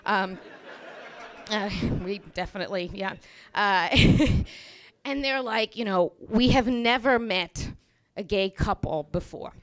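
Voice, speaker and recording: A woman telling a comic personal story on a small bar stage, animated and wry, with lots of "you know" fillers. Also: medium pitch, takes it slowly. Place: small bar stage before a live audience.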